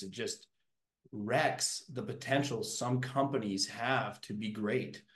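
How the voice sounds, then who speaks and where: A man hosting a podcast, chatting casually and telling stories with animated asides. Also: on the low side. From Canada. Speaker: podcast host. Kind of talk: casual interview chat. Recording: roomy echo.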